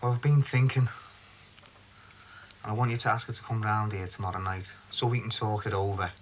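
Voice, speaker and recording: Actor as a deep-voiced, bedridden man, snappy and demanding; TV drama. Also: fairly even intonation, a little fast, a little hiss or hum, close to an everyday voice. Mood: irritable. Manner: irritable, demanding. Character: frustrated bedbound man, impatient. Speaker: bedridden partner. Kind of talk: TV drama acting.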